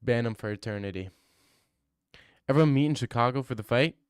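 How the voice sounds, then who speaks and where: A man's voice: mid-range voice, fairly quick, clean tone, no room sound, studio quality. A man streaming live, chatting casually with his viewers in a rambling, joking way. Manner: rambling, joking banter with chat. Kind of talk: casual livestream chat.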